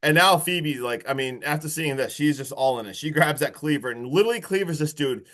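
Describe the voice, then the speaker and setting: Excitable guy on a podcast gushing over a movie, kinda high voice, swears a lot. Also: a little fast. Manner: excitable, swears freely, heavy use of "like". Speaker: podcast co-host. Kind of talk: casual movie review chat.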